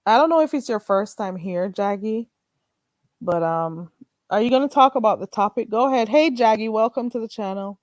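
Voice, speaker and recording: A woman hosting a live stream, chatting in an animated, gossipy way with callers. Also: moderate pace, dry recording, studio quality. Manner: animated, gossipy, mimics others in a high voice. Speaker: livestream host. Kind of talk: casual live-stream chat.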